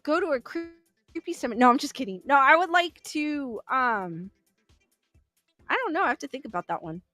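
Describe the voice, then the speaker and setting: A woman's voice: high-pitched, sing-song, moderate pace, pushed and bright, soft background music. A woman hosting a livestream, answering viewer chat questions casually, chatty and thinking aloud with fillers and laughs. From Southern California. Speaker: livestream host reading chat.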